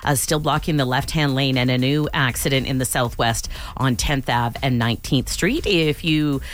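A woman's voice: very deep voice, normal speed. A woman co-hosting morning radio, chatting and reading traffic. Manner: chatty, filler-heavy. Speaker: radio co-host.

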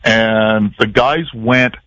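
A man, a play-by-play announcer, tells stories in a casual radio chat with an easy, self-mocking humour. His voice sits at a middling pitch and is heard dry, with no room sound. The sound is dull and slightly muffled. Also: steady tone, very slow, fairly bright tone, dry recording, soft background music. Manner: chatty storyteller, self-deprecating.

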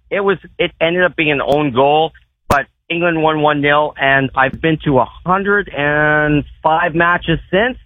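Canadian man, superfan guest, excited rambling talk, tinny phone line, slightly high voice. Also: no room sound. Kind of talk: casual phone interview.

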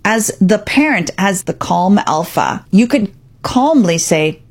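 A woman's voice: mid-range voice, expressive, unhurried, darkish tone. A woman hosting a radio talk segment as a parenting coach, speaking directly and emphatically. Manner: direct, emphatic, acts out parent and child quotes.

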